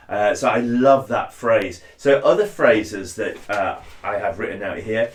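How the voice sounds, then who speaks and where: A man's voice: measured pace, hardly any pauses. A man, casually explaining a cosplay voice technique and chatting as he demonstrates. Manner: chatty, drops into deep impressions of lines. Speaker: cosplayer giving a tutorial. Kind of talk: casual spoken tutorial. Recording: echoey room.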